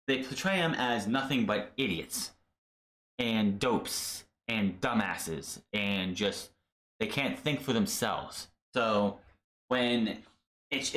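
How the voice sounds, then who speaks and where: A man hosting a wrestling podcast, ranting casually with lots of swearing and stumbling restarts over names. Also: fairly low pitch.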